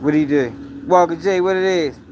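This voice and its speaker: On a noisy background, a man with a fairly high voice speaks at a moderate pace while hosting his own news commentary livestream. He talks emphatically, repeats his points, and addresses his viewers directly.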